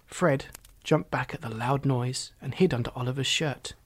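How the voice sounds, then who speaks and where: A man narrating a children's storybook in an even, unhurried way. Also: mid-range voice, husky.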